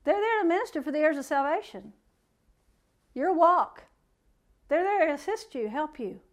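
A woman's voice: high-pitched, animated, moderate pace. A woman preaching a sermon, reading scripture aloud and breaking off into folksy, plain-spoken asides.

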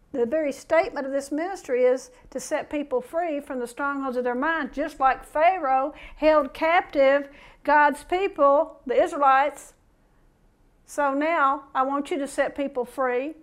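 A middle-aged woman preaching a conversational sermon, reading scripture aloud and asking the listeners questions. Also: high voice.

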